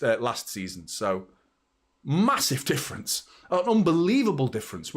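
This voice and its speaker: Young English male streamer, chatty match-watching host, rambling and casual, middle pitch. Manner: chatty, rambling, talks to viewers by name. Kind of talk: casual live match chat.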